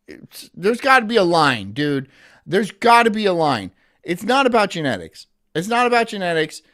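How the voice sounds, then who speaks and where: A man streaming live, talking in a loose, rambling way with a sardonic edge and frequent laughs at his own lines. His voice sits a little higher than most men's. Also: fairly bright tone. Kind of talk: casual live-stream commentary.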